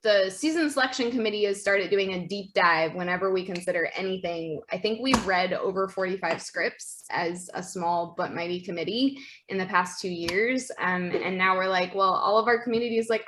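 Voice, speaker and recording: A woman's voice: medium pitch, normal speed, hardly any pauses, a bit bright, a little hiss or hum. A woman on a theater committee, talking in a casual group discussion, easygoing and conversational. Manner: conversational, with fillers and restarts.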